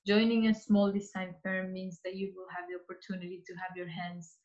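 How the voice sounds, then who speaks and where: In a casual interview, a woman who works as an interior designer offers earnest career advice, often restarting and repeating herself while she looks for the right words. She speaks briskly in a fairly low, flat, slightly mellow voice, and the lo-fi recording sounds a bit dull.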